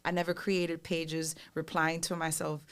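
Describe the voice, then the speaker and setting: A woman, a singer guest on a podcast, telling stories in a casual, animated and profane way, acting out the voices of others. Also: low voice, a little slow, very noisy. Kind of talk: casual storytelling chat.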